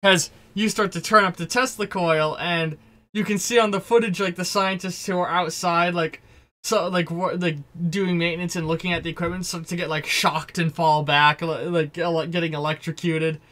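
A man's voice: high-pitched, steady tone, normal speed, pushed and bright. A man narrating as game master in a tabletop game, rambling with frequent fillers and restarts.

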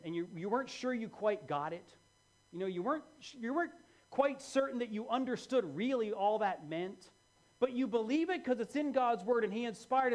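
Animated preacher with a lively voice. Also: male voice, high voice. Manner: animated, swings from hushed to loud. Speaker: pastor. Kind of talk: sermon. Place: church.

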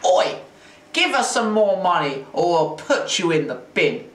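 Man voicing thuggish teen bully twins, loud and threatening, storybook reading, roomy room, mic set back. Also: fairly high pitch, huge pitch swings, extremely slow, heavily acted. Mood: menacing. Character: thuggish teen twin bullies, rough. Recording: roomy, distant mic, faint hiss.

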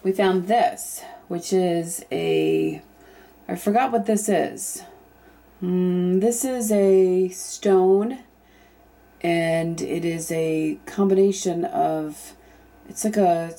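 A young woman chatting casually through an unboxing vlog, thinking aloud and at times breaking into excited squeals. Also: fairly low pitch, takes it slowly. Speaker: YouTube vlogger.

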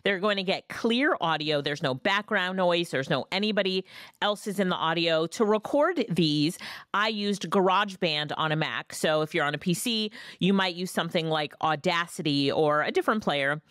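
A woman hosting a casual software tutorial, chatty and lively, recorded on a studio microphone. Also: lowish voice, moderate pace, no room sound. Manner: chatty, lively ups and downs. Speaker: tutorial host. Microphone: studio dynamic mic.

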